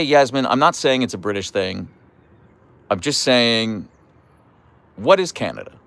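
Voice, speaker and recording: A young man hosting a casual live stream and answering chat in a playful, animated way, with mock outrage and stammered restarts. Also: medium pitch, creaky, smooth. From United States. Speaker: livestream host reading chat.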